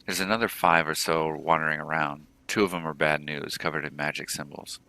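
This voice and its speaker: A man's voice: very deep voice, steady tone, brisk, pushed and bright, heavily acted. A man reading aloud the lines of a frightened mother in a cyberpunk video game, in his own plain voice. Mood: wary. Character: frightened middle-aged mother in a cyberpunk slum.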